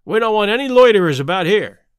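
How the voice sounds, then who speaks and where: A man's voice: high-pitched, big pitch swings, moderate pace, dry recording. Brief: a man playing a wary groom, brusque, very dry recording. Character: gruff male stable groom, wary of strangers.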